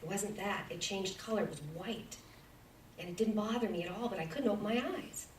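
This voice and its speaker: A woman in her forties giving a heartfelt personal testimony as a guest speaker in a church, earnest and sometimes dropping to a soft whisper. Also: mid-range voice, brisk, slight background noise. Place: church sanctuary. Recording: echoey church hall from far off.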